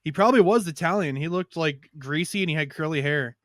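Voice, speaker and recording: A man rambles through a crude story on a podcast. His voice is smooth and clean, recorded dry and close. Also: on the high side, fairly quick, no echo. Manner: rambling storyteller, loud shouted impressions. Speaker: podcast co-host. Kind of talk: casual crude chat.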